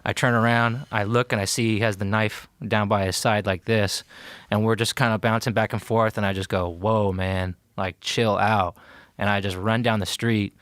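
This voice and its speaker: American guy for a podcast-guest storyteller, low smooth voice, acts out the quotes, dry studio sound. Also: normal speed, no echo. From United States. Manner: animated retelling, acting out quotes, many fillers. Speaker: podcast guest, war veteran. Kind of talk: casual storytelling.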